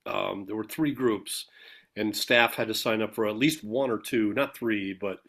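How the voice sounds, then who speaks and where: A man's voice: lowish voice, normal speed, vocal fry, a bit bright. A man hosting a podcast, prompting his guest and laughing along in casual conversation. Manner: friendly prompting, laughs often. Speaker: podcast host. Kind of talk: casual interview chat.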